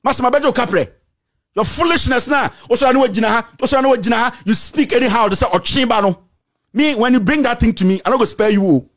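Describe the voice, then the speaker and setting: A man with a Ghanaian accent delivering an angry, insulting rant to the camera, repeating himself and shouting. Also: extremely high pitch, fast. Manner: shouting, insulting, repetitive tirade. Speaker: political commentator.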